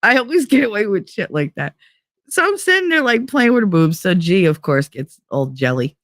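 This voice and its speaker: A woman's voice: medium pitch, moderate pace, no room sound. A woman telling a bawdy story on a podcast, loose and profane, slipping into the voices of the people she quotes. Her voice sits in a middle register. It is recorded close and dry, with no room sound. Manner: profane, animated, acts out quoted dialogue. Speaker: podcast host. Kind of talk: casual storytelling.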